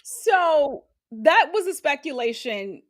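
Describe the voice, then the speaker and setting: A woman's voice: high voice, big pitch swings, takes it slowly. A woman co-hosting a podcast, chatting casually about politics, laughing often, swearing and reading quotes aloud. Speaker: podcast co-host.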